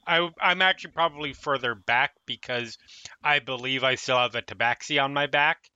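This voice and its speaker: A man's voice: mid-range voice, normal speed, pushed and bright, clean tone, no room sound, muffled recording. A man playing a tabletop game, talking casually and hesitating as he stumbles over his words. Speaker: player.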